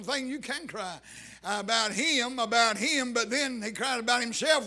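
A man preaching a sermon, fervent and dramatic, swinging from shouted proclamations down to hushed, near-whispered lines. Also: extremely high pitch, moderate pace.

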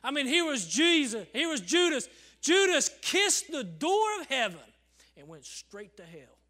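A man preaching a sermon in a church service, swinging from loud calls to hushed near-whispers and calling "Amen?" to the congregation. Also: very high-pitched, very animated, a little slow. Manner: acts out congregants in quoted voices, asks the crowd "Amen?".

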